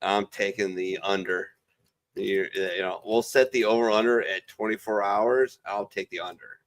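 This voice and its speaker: A man's voice: on the low side, steady tone, moderate pace. A man who is a former Marine, hosting a casual veterans' chat over a video call and telling stories in a rambling, heavily profane way. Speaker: veteran show host.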